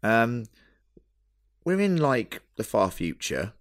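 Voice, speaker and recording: A man's voice: medium pitch, sing-song, takes it slowly. A man co-hosting a podcast, chatting with enthusiasm about a TV episode, saying "like" a lot. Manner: enthusiastic, says "like" often, swears. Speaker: podcast co-host. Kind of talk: casual chat reviewing a TV episode.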